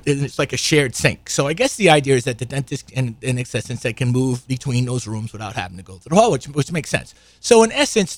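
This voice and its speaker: A man's voice: fairly high pitch, no room sound. An older man telling a rambling, profane story in casual monologue, full of asides and restarts. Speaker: show regular.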